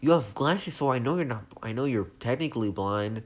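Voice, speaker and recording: A man's voice: medium pitch, animated, brisk, close to an everyday voice. A man voicing a flustered teenage boy hero who rants in exasperation, in a casual retold fan story. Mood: exasperated. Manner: exasperated, ranting.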